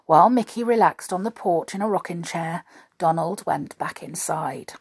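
A woman's voice: lowish voice, normal speed, breathy edge. A woman reading a children's story aloud, then chatting in a homely way to her listeners. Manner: chatty, homely, laughing asides.

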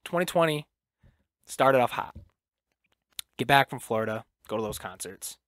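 A man's voice: mid-range voice, lively intonation, moderate pace, a bit bright, dry recording. A young man hosting a casual solo podcast, talking loosely with lots of fillers and swearing. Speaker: podcast host.

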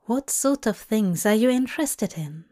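A woman's voice: a little high, expressive, normal speed, dark tone, lightly acted. A woman reading a story aloud and voicing a polite, fussy male audiobook narrator with old-fashioned phrasing. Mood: courteous.

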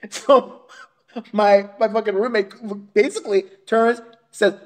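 A man's voice: high voice, a little slow. A man co-hosting a podcast, ranting crudely and profanely in casual chat, often breaking into laughter. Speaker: podcast co-host.

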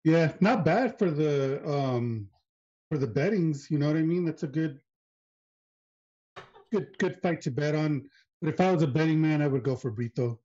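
A relaxed man talking casually on a podcast, easygoing and quick to laugh. His voice is mellow and warm. The audio sounds slightly dull, like a lo-fi recording. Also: a little high. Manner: laid-back, laughs often, uses filler words. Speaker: podcast co-host. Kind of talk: casual chat.

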